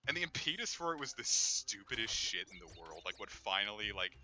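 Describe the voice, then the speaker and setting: A man's voice: fairly low pitch, very animated, a little fast, pushed and bright, faint music behind. A man casually commenting while streaming a game, candid and rambling, with lots of fillers and swearing. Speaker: let's play streamer.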